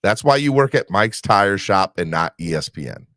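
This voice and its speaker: A man's voice: fairly low pitch, animated, normal speed, a bit bright, no echo. A man hosting a casual sports podcast, rambling with restarts while recovering from an illness. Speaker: podcast host.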